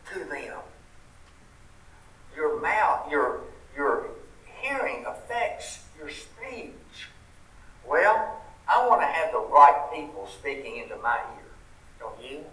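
Delivering a sermon in a Southern US accent, a man speaks on the high side with a strained, bright quality. His folksy, sincere preaching includes rhetorical questions to the congregation, and the recording sounds roomy from a distant mic.

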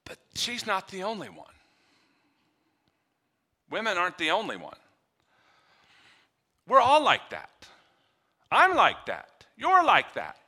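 Bright-voiced animated man preaching. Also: slow pace, long pauses. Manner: animated preaching that swings between soft low lines and loud emphatic ones; acts out little dialogues with humor. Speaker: pastor. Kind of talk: sermon.

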